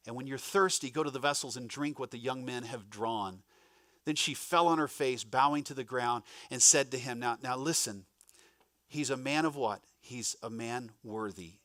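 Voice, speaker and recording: A man's voice: mid-range voice, moderate pace, fairly bright tone, no room sound, clean studio sound. A male pastor giving a conversational sermon, breaking off for asides to the congregation. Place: church.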